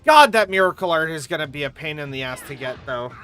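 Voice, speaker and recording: A woman's voice: low voice, animated, fast, music in the background. A woman streaming her gameplay live, coming down with a sore throat and coughing, chatting casually in a rambling way and swearing now and then. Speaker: game streamer.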